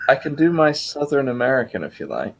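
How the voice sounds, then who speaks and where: A man's voice: mid-range voice, fairly quick. A man in a casual chat, telling a story animatedly and laughing between lines. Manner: animated, laughing, trying out accents.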